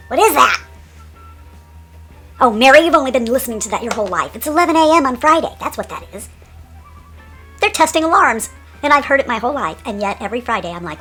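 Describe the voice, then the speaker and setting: A woman chats through her makeup routine for her channel, joking and giggling to herself as she goes. Her voice sits high and sounds bright. Faint music plays in the background. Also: animated, a little fast. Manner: playful, giggly, jokey asides. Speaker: beauty vlogger host. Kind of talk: casual get-ready-with-me chat.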